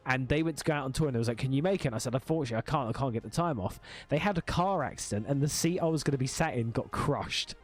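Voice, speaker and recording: A man's voice: medium pitch, rapid-fire, few pauses, soft background music. A man hosting a casual interview, agreeing often and talking loosely with many fillers. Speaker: interviewer, host.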